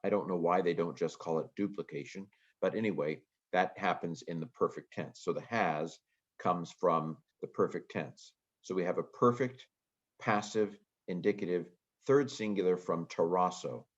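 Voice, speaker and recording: A man's voice: low-pitched, normal speed, muffled recording. A man giving a casual lecture on Greek grammar, thinking aloud with frequent ums. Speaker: Greek teacher.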